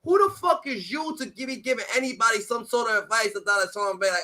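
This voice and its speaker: High, bright-voiced man ranting profanely. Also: expressive, fast talker, few pauses, slight background noise. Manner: profane, ranting, repeats filler "da, da, da". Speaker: streamer reacting to a clip. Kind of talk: heated reaction commentary.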